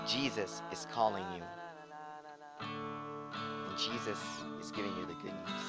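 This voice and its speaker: A man's voice: lowish voice, low-quality recording. Man preaching over guitar music. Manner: slow, emphatic preaching with repeated rhetorical questions; casual and rambling when speaking plainly. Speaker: podcast host. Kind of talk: preaching, then casual chat to listeners. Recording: clear guitar music under the voice.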